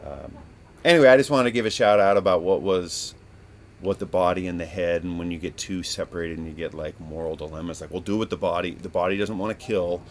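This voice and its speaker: Male podcast host, low voice, rambling storyteller, casual and profane. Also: brisk, a little hiss or hum. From Northern California.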